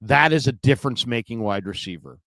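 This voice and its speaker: A man's voice: mid-range voice, expressive, fast, vocal fry, a bit bright, no echo. A man hosting a solo sports livestream, chatting in a rambling, casual way with lots of fillers. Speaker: podcast host.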